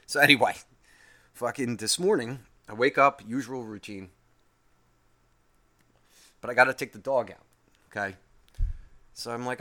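A man's voice: mid-range voice, moderate pace, long pauses, pushed and bright. A man telling a rambling everyday story in a casual comic monologue, swearing heavily. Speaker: host.

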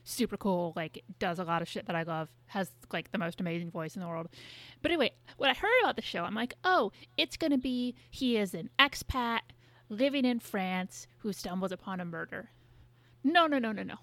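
A woman's voice: lowish voice, a bit bright, no room sound. A woman co-hosting a podcast, telling stories in a rambling, exasperated casual way. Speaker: podcast co-host. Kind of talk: casual chat.

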